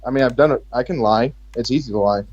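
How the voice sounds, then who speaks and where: A man's voice: mid-range voice, quick pace, darkish tone, slightly rough, dull audio. A man from Texas speaking with an American accent, rambling and joking sarcastically in casual chat.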